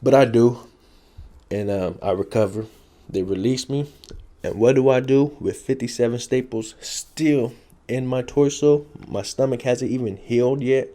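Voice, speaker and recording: A man's voice: medium pitch, measured pace, warm tone. A man telling a story from his past in blunt, profane street talk, repeating key phrases for effect. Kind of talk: casual street storytelling to camera.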